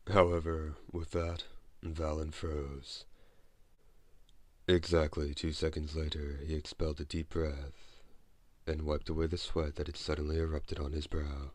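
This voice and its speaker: A man reading an audiobook as narrator, in a measured, steady way. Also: very deep voice, no room sound. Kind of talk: scripted narration.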